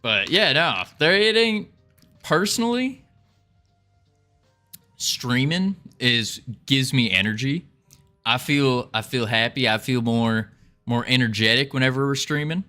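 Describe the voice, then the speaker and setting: A man's voice: mid-range voice, lively intonation, unhurried, pauses often, pushed and bright, soft background music. A man streaming his game development, chatting casually with a playful, rambling manner and often repeating his own phrases. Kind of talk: casual livestream chat.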